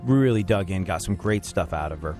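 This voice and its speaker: A man's voice: low-pitched, animated, a little fast, a little mellow, faint music behind. A man hosting a radio show, rambling through jokes and laughing often. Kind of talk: casual banter on a radio show.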